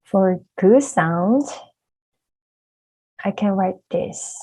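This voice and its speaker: Lady teacher, talks real slow and patient, repeats every sound. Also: mid-range voice, animated, mellow, low-quality recording. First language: Korean. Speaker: language teacher. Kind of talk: slow spoken lesson.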